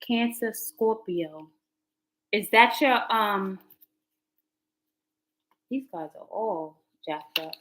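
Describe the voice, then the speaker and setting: A woman's voice: mid-range voice, drawn-out words, pauses often, fairly bright tone, poor audio. Woman, casual live chat, chatty, laughing asides to viewers. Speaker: livestream host, tarot reader.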